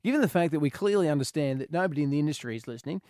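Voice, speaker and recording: A man with an Australian accent hosting a radio show, bantering and talking with callers, often getting excited. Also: rapid-fire, dry recording, clean studio sound. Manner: excitable, goes high and loud when amused. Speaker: radio host. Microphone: studio microphone.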